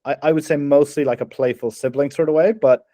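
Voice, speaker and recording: A man's voice: on the high side, fairly even intonation, fast, mellow, dry recording. A young Irish man co-hosting a casual film review chat, chatty and laughing often, with frequent restarts. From Ireland. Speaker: podcast co-host.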